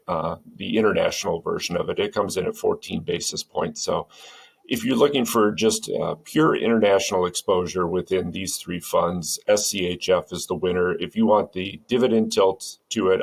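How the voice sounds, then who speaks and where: A man with a very deep, gravelly voice, a touch husky, talks through his points on a panel. He keeps it relaxed and conversational, with a few uhs along the way. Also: normal speed. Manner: relaxed, conversational with some uh fillers. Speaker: guest judge analyzing funds. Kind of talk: casual panel discussion.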